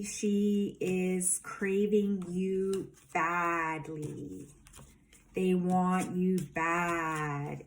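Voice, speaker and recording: Chatty woman doing a tarot reading, slow and rambly, lots of "like" and "you know". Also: medium pitch, slight background noise. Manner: emphatic, rambling, many fillers. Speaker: tarot reader.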